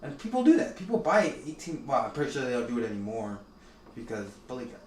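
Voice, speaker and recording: A man's voice: mid-range voice, very animated, fast, darkish tone. A young man co-hosting a podcast, telling rambling stories in casual chat and laughing often. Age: young adult. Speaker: podcast co-host. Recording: echoey room, distant mic, clear background noise.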